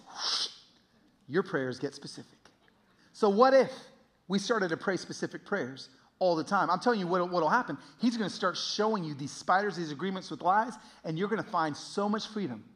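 A middle-aged male preacher tells a story to his congregation in a conversational, self-deprecating way. His voice sits unusually high and swings lively from swooping lows to excited peaks. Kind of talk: storytelling sermon.

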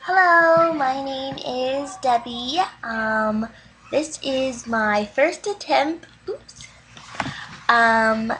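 An actress playing a nervous woman recording a dating video who keeps crying over her love of cats, with a hesitant, halting delivery. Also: high voice, bright, forceful tone, a little hiss or hum, full character voice, low-quality recording. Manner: nervous, hesitant, breaks into sobbing. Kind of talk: comedy sketch video.

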